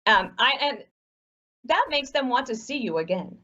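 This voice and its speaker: A woman is a guest on a radio interview, telling brisk, practical anecdotes. Her voice sits fairly high. The sound is dull and lo-fi, as if it comes in over a remote line. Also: animated, a crowd in the background. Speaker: guest author.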